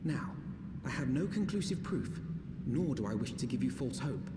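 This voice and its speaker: An actor playing a composed officer in a video game, speaking in a formal, measured way. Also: male voice, mid-range voice, lively intonation, far from the mic, very noisy, lightly acted. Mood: guarded. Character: composed male officer, careful and shrewd. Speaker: game character. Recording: game audio, roomy reverb.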